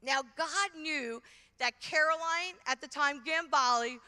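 A middle-aged woman from Brooklyn with a New York accent, giving an animated testimony talk at a conference and acting out her own reactions. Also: sits high, a little slow. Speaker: conference speaker. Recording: hall reverb from a large venue.

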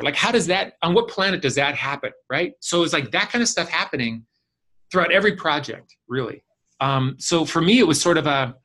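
Man, guest speaker, video call, animated storytelling, quotes voices. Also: fairly high pitch. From Chicago area. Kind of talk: storytelling in an online class.

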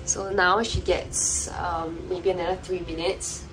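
A young woman speaking in an unhurried, easygoing way, her words drawn out and relaxed. She chats casually like a vlogger showing her day, dropping "like" between phrases. Faint music plays softly behind her. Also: fairly low pitch, poor audio. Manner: chatty, relaxed explaining with frequent "like" fillers. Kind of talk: casual vlog narration.

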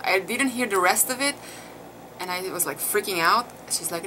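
A mother tells her birth story in a casual vlog, her mid-range voice animated and moderately paced. She is emotional and chatty with lots of fillers, and background noise is clearly audible.

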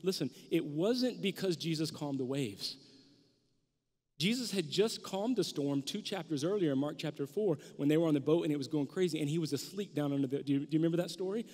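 Man, pastor, sermon, high voice, animated delivery, long church reverb. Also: a little fast. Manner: animated, acts out the disciples in raised voices. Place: church sanctuary.

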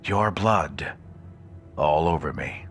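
A man voicing a menacing male stalker on the phone, speaking in a low, chilling hush. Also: slow, soft background music.

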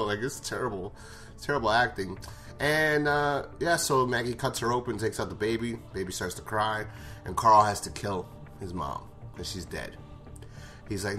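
A man's voice: on the low side, normal speed, sharp tone. A man recapping a TV episode in a casual, rambling way, swearing and laughing often. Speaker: show reviewer.

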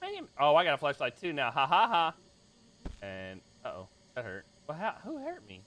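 A man streaming a game in casual chatter, excitable, swearing a lot and yelping the same words over and over. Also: fairly high pitch, normal speed. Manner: excitable, swears a lot, yelps and repeats himself.

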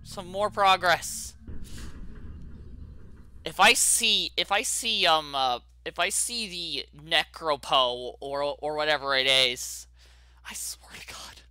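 A man hosting his gaming channel, narrating a horror game as he plays, jittery and saying how scared he is, with sudden loud yelps. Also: on the high side, slow pace, clear, resonant tone, no room sound, faint music behind. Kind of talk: horror game let's play commentary.

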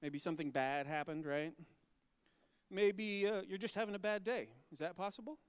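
A male pastor talking gently with children and asking them questions, then reading scripture slowly and solemnly. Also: high-pitched, clear, resonant tone, dry recording, clean studio sound.

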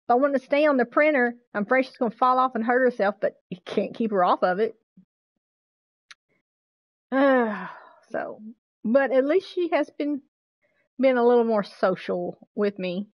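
A woman streaming a game live, chatting casually with viewers, excitable and swearing freely. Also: a little high, moderate pace, pauses often, no echo, highs cut off.

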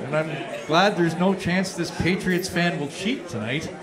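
A man doing a stand-up roast in a comedy club, delivering brash insult punchlines with deadpan timing into a stage mic. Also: fairly high pitch, unhurried, very noisy. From Canada. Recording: live club with crowd laughter.

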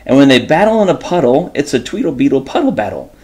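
A man's voice: medium pitch, very animated, fast talker, a little mellow. A man voicing a playful, chatty storybook fox with a sing-song tongue-twister delivery.

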